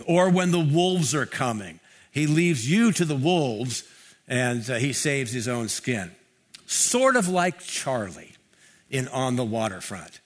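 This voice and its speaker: A man's voice: mid-range voice, fairly bright tone. A male pastor preaching a sermon in a conversational, reflective way, repeating phrases for emphasis.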